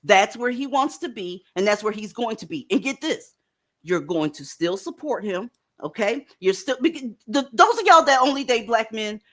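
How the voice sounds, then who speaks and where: A woman's voice: a little high, expressive, moderate pace, a bit bright. A woman hosting a casual commentary show, blunt and profane, lecturing viewers directly. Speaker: commentary host.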